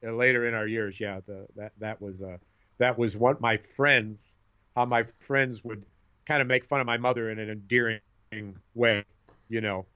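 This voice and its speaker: Bright-voiced middle-aged man telling stories. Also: mid-range voice, fairly even intonation, normal speed, clear, resonant tone, muffled recording. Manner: rambling storyteller, repeats words. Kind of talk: casual chat.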